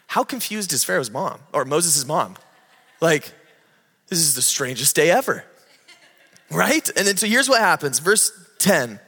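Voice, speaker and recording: Bright-voiced man preaching in a reverberant hall. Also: sits high, normal speed. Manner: animated storytelling, acting out voices in the story. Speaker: pastor. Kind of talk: sermon.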